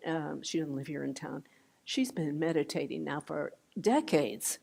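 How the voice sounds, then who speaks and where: Gentle older woman giving a dharma talk. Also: deep voice, lively intonation, creaky, husky. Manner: gentle, unhurried, with soft trailing drops and restarts. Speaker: meditation teacher. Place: meditation hall.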